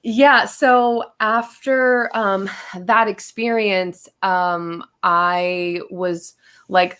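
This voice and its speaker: Animated woman telling a story. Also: mid-range voice, extremely slow, clear, resonant tone. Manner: animated, acts out her own quotes, many fillers. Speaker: podcast guest. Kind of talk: casual storytelling.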